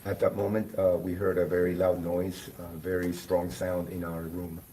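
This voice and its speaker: Male court interpreter, very low voice, brisk and businesslike. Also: completely flat delivery, dark tone, a little hiss or hum. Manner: quick and businesslike, with frequent "uh" fillers.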